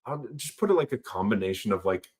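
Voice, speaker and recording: A young man in his twenties speaks in a deep, low voice. He talks loosely and a little haltingly, full of fillers. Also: big pitch swings, darkish tone. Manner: easygoing, hesitant, many fillers and laughs. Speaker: podcast guest. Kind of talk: casual chat.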